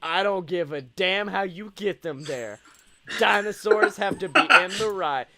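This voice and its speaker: A man co-hosting a casual comedy podcast, excitable and profane, laughing often. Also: high voice, measured pace. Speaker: podcast co-host.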